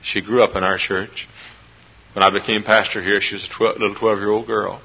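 A middle-aged man from Texas, a pastor preaching a sermon in a church. He climbs into loud emotional peaks, then drops back to quiet, confiding storytelling. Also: lowish voice, flat delivery, fairly quick, vocal fry, husky. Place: church sanctuary. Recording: dull lo-fi sermon tape.

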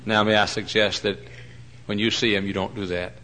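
Male preacher, sermon, folksy storytelling, bright forceful tone, faint hiss behind. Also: on the low side, little pitch movement, a little fast, rough recording. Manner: folksy storytelling, swings from loud mock-pompous to hushed.

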